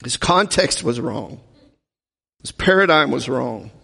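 A man's voice: mid-range voice, expressive, slow, gravelly, bright, forceful tone, husky, in a large hall. A man preaching a teaching sermon, talking in a conversational way and often asking the audience questions. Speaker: pastor teaching a Bible class.

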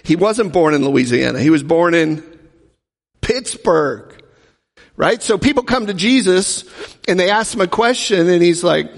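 Gravelly pastor teaching in a hall. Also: male voice, high voice, lively intonation, measured pace. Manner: conversational, asks the audience questions. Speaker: pastor teaching a Bible class. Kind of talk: teaching sermon.

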